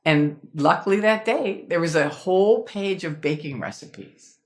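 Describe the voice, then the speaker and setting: A woman from Chicago, an interview guest telling her personal story with lively, dramatic storytelling. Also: fairly low pitch, measured pace. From Chicago, USA. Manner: animated storytelling, acts out quoted voices. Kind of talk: personal testimony in a podcast interview.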